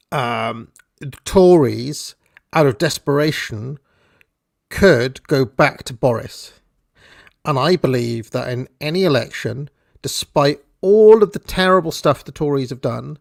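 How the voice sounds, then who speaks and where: Man, gravelly voice, dry close sound, casual profane commentary. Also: mid-range voice, no echo. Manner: blunt, irreverent, profane. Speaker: political commentator.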